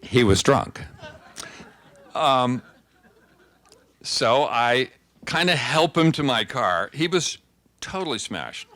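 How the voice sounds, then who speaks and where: An older man speaks as a guest speaker, telling anecdotes in a chatty, conversational way and frequently restarting his sentences. His medium-pitched voice is sharp in tone with lively intonation, and he takes his time, pausing often.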